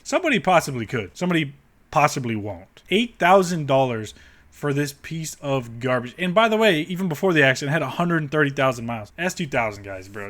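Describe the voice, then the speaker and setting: Reacting on camera like a car channel host, a man rants bluntly and sarcastically about car listings, swearing freely and mocking what he reads. His bright, forceful voice sits at medium pitch, swings widely in pitch, and moves fairly quickly.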